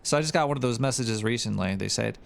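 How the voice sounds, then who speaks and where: A man's voice: mid-range voice, fast talker, gravelly. A man hosting a live show, chatting in a rambling, crude, irreverent way. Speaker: show host. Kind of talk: casual livestream chat.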